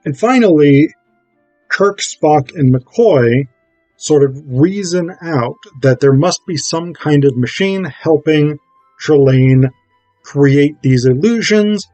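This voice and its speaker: A man's voice: on the high side, expressive, slow pace, darkish tone, no room sound, soft background music, poor audio. A man recapping a television episode at home, rambling with self-interrupting asides. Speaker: video essayist.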